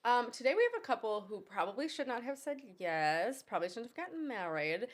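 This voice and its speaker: A woman's voice: a little high, expressive, a little fast. A young woman co-hosting a podcast, chatting in a candid, upbeat way. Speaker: podcast co-host. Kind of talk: casual chat.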